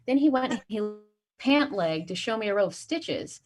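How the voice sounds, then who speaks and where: A woman's voice: on the high side, brisk. A woman doing a stand-up set, telling stories and acting out the people in them. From Chicago area. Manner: animated storytelling, acts out quoted voices. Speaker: stand-up comedian.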